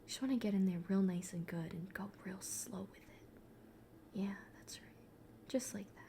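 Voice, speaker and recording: A woman putting on a hushed, gentle male painting instructor in a whispered role-play, talking slowly and soothingly. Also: medium pitch, natural voice.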